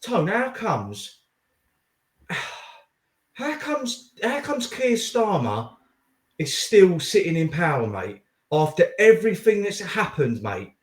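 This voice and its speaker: A man hosts a casual political talk with a high, lively voice that jumps around. He is heated and blunt, swears freely and calls his guest mate. The room around him is echoey. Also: slow. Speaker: podcast host.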